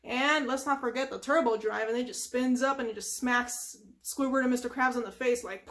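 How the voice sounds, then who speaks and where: Lady with a high voice retelling a cartoon, rambly, lots of "just" and "like". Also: normal speed, few pauses, fairly bright tone, faint music behind. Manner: rambling, with lots of filler words and sound effects. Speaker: ASMR channel host. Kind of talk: casual retelling of a cartoon from memory.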